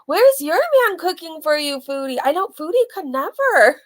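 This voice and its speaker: A woman's voice: high voice, sing-song, moderate pace. A woman hosting a casual reaction channel, chatting to her viewers and laughing often.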